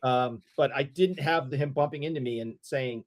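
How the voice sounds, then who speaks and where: A middle-aged man on a podcast, telling a story in casual chat, excitable and repeating himself. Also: mid-range voice, normal speed. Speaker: podcast co-host.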